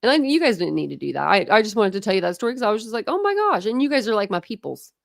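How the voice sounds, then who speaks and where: A woman in her thirties chatting casually with viewers on a livestream from home, frank and quick to laugh, thanking commenters by name. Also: mid-range voice, lively intonation, creaky, no echo, studio quality. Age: 30s. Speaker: livestream host. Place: home, indoors.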